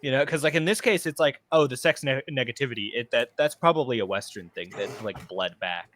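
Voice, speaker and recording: A man's voice: mid-range voice, fairly quick, a bit bright, a little hiss or hum. A man co-hosting a gaming podcast in casual chat, rambling and joking crudely. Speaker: podcast co-host.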